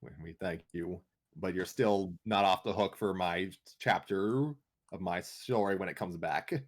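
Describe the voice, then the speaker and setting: A man with a fairly low voice hosting a relaxed voice-call chat from home. He rambles, laughs often and keeps a low-key tone. He can be heard clicking now and then. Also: measured pace. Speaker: host of a story reading show. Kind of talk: casual chat.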